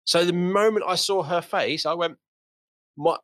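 A man hosting a podcast, chatting in a relaxed, rambling way and acting out the people he quotes. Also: high voice, unhurried, dry recording. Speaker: podcast host. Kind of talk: casual podcast conversation.

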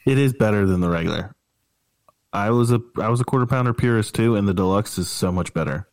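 A man hosting a podcast keeps things loose, teasing his guest and swearing casually. His voice sits on the low side. The recording is close and dry. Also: fast talker, darkish tone, no echo. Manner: laid-back, teasing banter with casual swearing. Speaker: podcast host.

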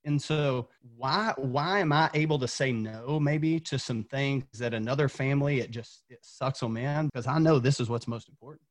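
A man's voice: mid-range voice, normal speed, few pauses. A man from Tennessee, a former coach, telling an earnest motivational story as a podcast guest, repeating words when fired up.

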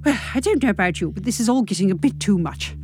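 Lively, wry British woman narrator. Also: medium pitch, slight background noise. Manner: wry, brisk, expressive, deadpan asides. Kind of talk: reading a comic novel aloud.

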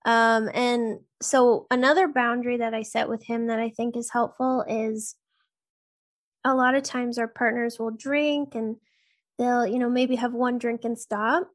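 Bright-voiced chatty woman. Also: on the high side, fairly even intonation, measured pace. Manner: chatty, laughs easily, filler-heavy. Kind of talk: casual conversation.

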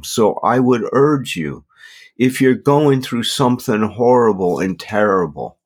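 A middle-aged man talking as a podcast guest, earnest and reflective, often restarting his sentences. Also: on the low side. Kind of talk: candid personal conversation.

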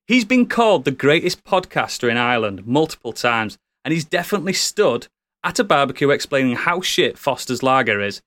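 A man's voice: mid-range voice, big pitch swings, a little fast, a bit bright, dry recording. A man hosting a podcast, giving jokey, teasing introductions of his guests. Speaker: podcast host.

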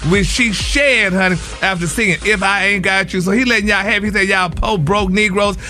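A man's voice: high voice, fairly quick, bright, forceful tone, soft background music. A man on a radio morning show delivering celebrity gossip in a sassy, sing-song way. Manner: sassy, sing-song, peppers talk with "honey" and "y'all".

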